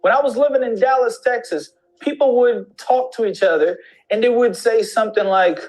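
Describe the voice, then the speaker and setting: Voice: mid-range voice, moderate pace, darkish tone, poor audio. Teacher demonstrating slang greetings, faint music. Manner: demonstrates slang phrases with repeated examples. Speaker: English teacher. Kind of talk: instructional video lesson.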